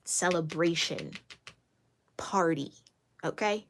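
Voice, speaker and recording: A woman giving a casual tarot reading, chatty and excitable, with many fillers and restarts. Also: sits low, takes it slowly, creaky, a little hiss or hum. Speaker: tarot reader.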